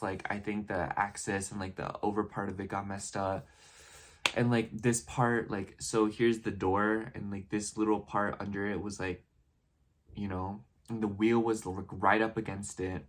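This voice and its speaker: A man's voice: lowish voice, little pitch movement, measured pace. A young man telling a story in a casual vlog, rambling and filling his talk with "like" and "you know". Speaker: vlogger.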